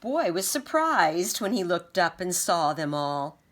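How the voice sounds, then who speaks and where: A woman reading a children's picture book aloud, expressive and acting out sound effects. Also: on the low side, a little slow. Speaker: storybook reader.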